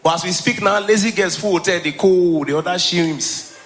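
A Nigerian-accented man with a high voice performs a stand-up comedy special on stage before a live audience, speaking at normal speed. He's animated, laughs often and slips between Pidgin and English.

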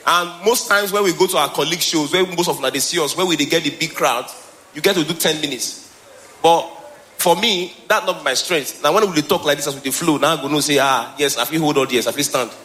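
A man with a Nigerian accent performing a stand-up comedy special on stage, animated, slipping between Pidgin and English and laughing often. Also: fairly high pitch, brisk. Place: stage before live audience.

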